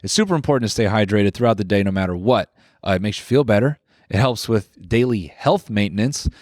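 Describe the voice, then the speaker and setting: A man's voice: fairly low pitch, expressive, fairly quick, darkish tone, no echo, clean studio sound. A man co-hosting a podcast, reading a sponsor ad in a loose, chatty way with lots of fillers. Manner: loose, filler-heavy ad read. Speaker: podcast co-host. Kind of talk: casual chat and host-read ad.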